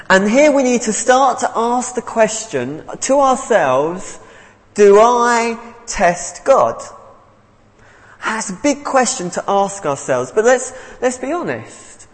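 Male preacher, earnest and unhurried, with a bouncy, animated delivery. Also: sits high, big-room sound, low-quality recording. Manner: earnest, repeats words as he goes. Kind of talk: sermon.

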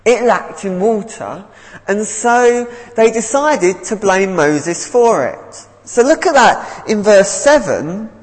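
Male preacher, earnest and unhurried, with a bouncy, animated delivery. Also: high voice, long reverb tail, low-quality recording. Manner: earnest, repeats words as he goes. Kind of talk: sermon.

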